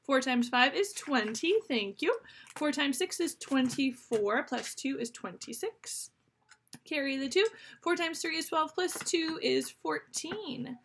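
Woman, math teacher, encouraging, high voice, faint background noise. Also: expressive, a little slow, fairly bright tone. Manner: upbeat, encouraging, talks to students directly. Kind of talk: video math lesson for kids. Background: toddler babbling nearby.

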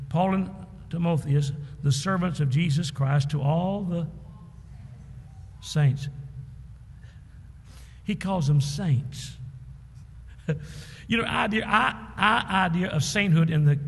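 A man's voice: a little high, creaky, darkish tone, slightly rough, big-room sound. A man preaching a sermon as pastor, emphatic, with calls and responses to the congregation. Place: church sanctuary.

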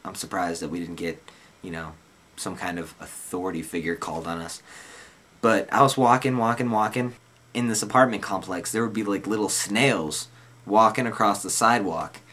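A laid-back young man with a low, bright, forceful voice tells a rambling personal story at a moderate pace. He's a vlogger chatting casually, loose and slangy, saying "like" and "dude" constantly.

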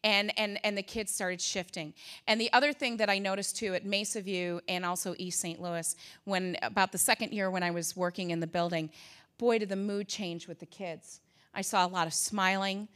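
Woman, 50s, bright presenter voice, storytelling with humor. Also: mid-range voice, moderate pace. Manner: lively storytelling with asides, humor and acted quotes. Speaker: conference presenter. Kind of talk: conference talk.

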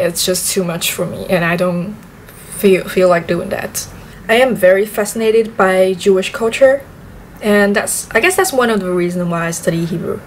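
A woman's voice: medium pitch, slight background noise. A young woman from southern China, a native Chinese speaker talking in English with a Chinese accent, chatting casually in a vlog and repeating words for emphasis. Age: young adult. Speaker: vlogger.

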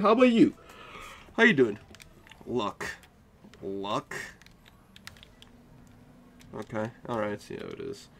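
A man's voice: lowish voice, huge pitch swings, slow, gravelly, long pauses, a little hiss or hum. A tired young man chatting casually with viewers while he plays a live game stream, joking and defending himself. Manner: drowsy, playfully defensive banter.

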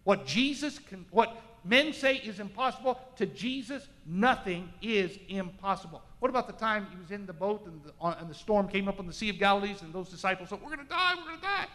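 An impassioned male pastor preaches a sermon, swinging from loud to hushed. His voice is bright and forceful, and a long hall echo follows each phrase. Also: sits high, fairly quick, few pauses. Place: large church sanctuary. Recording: echoey church hall.

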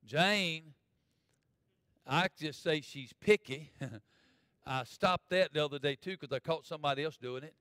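A man preaching a sermon as pastor, folksy, swinging from loud preaching to quiet asides. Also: fairly high pitch, measured pace, pauses often, dry recording. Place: church.

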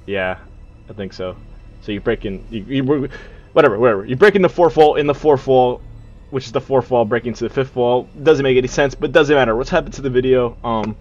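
A man's voice: medium pitch, brisk, highs cut off, soft background music. A young man narrating a video game as he plays, rambling in casual asides and breaking into panicky yelps and swearing. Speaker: gaming YouTuber. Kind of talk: casual let's-play commentary.

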